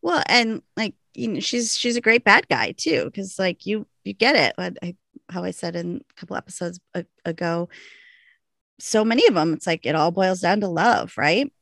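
A woman co-hosting a casual podcast chat recapping a TV show, giggly and animated, acting out quoted lines. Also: lowish voice, normal speed, gravelly, no room sound. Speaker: podcast co-host.

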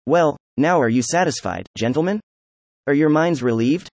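A man's voice: mid-range voice, big pitch swings, normal speed, darkish tone, no echo. A man voicing a proud, hot-tempered young man who speaks in gloomy, defiant outbursts. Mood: exasperated.

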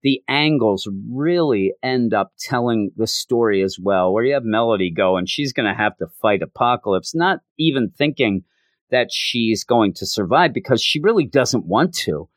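A man's voice: medium pitch, expressive, moderate pace, no room sound, studio quality. A man hosting a podcast, talking through a comic in a rambling, self-interrupting way. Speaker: podcast host. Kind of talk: casual comic book review.

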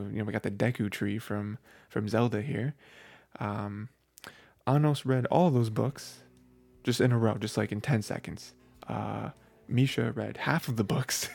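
A man hosting a podcast, recapping anime episodes in a rambling, excitable way full of filler phrases. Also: on the low side, vocal fry, no echo. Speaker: podcast host.

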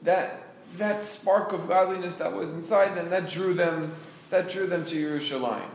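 A man's voice: high voice, steady tone, moderate pace, slight background noise. A man in a study class explaining a text earnestly, working through the ideas aloud. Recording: roomy echo.

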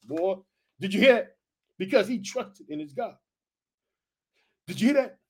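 A man's voice: sits high, animated, a little slow, a little mellow, husky. A man preaching a fiery sermon, reading scripture aloud and breaking off with exclamations, repeated rallying calls and direct appeals to his listeners.

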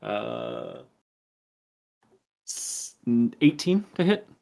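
A man running a tabletop game as game master, making quick casual rulings. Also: mid-range voice, huge pitch swings, vocal fry, warm tone.

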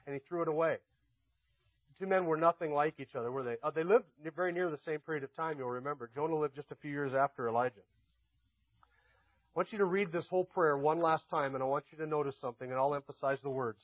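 High-voiced man preaching with emphasis. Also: dry recording, muffled recording. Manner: emphatic, asks rhetorical questions, builds to repeated lists. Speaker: pastor. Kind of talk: sermon.

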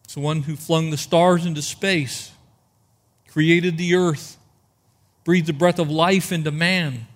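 A man's voice: fairly high pitch, fairly even intonation. Man preaching with rhetorical questions. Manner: expository preaching, rhetorical questions, slows for emphasis. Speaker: pastor. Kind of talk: sermon.

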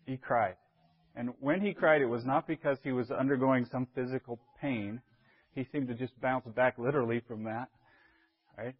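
A man's voice: medium pitch, phone-quality sound. A man, a church elder, teaching a Bible class in a conversational way, often checking in with his listeners.

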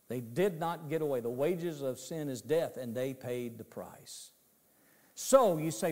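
A man's voice: on the high side, very animated, moderate pace, a little mellow, big-room sound. A man preaching a sermon to his congregation, emphatic and repetitive, telling the story dramatically.

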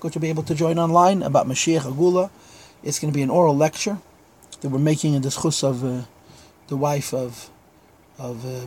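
Casting note: man, husky, fairly high voice, Torah teacher reading out slowly and explaining. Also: darkish tone. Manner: reads Hebrew phrases slowly, then explains in English. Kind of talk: Chassidic text class.

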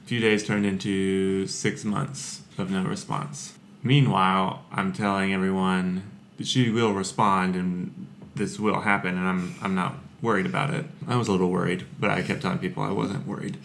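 Man, podcast guest, deep voice, dry humor, relaxed, faint background noise. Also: normal speed, gravelly. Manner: relaxed, dry humor, says "if you will". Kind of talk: casual storytelling.

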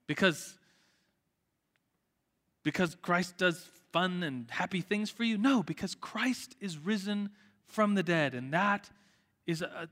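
A man with a bright, fairly high voice leads a church class in relaxed, rambling talk, often restarting his sentences. His voice rings out with a long hall reverb. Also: slow pace, pauses often. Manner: chatty, with frequent "like" fillers and restarts. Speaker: Sunday school teacher. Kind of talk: informal church class teaching, closing in prayer.

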